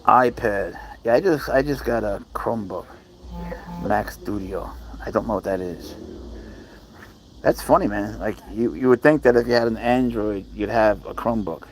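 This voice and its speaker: Chatting at a moderate pace in a fairly low voice, a man livestreams with his cats outside at night among bugs and chirping crickets. He reads viewer comments aloud in a relaxed way. The rough recording carries a little hiss or hum.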